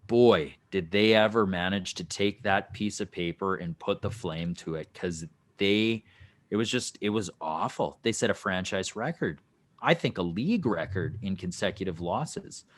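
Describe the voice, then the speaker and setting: A man's voice: sits low, moderate pace. A man co-hosting a casual sports podcast, rambling through his points with restarts and light jokes. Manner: rambling, full of fillers and restarts, joking. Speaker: podcast co-host.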